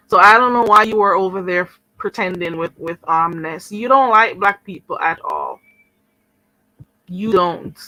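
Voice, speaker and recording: A woman's voice: mid-range voice, bright, forceful tone, dry recording, low-quality recording. A young woman hosting a live stream, talking to viewers in an indignant, sarcastic way with mocking mimicry. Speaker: channel host.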